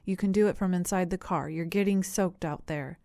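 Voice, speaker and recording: A woman narrator voicing an affable, chatty middle-aged gentleman who talks in a polite, rambling, breezy way. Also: fairly low pitch, a little fast, dry recording, studio quality, lightly acted.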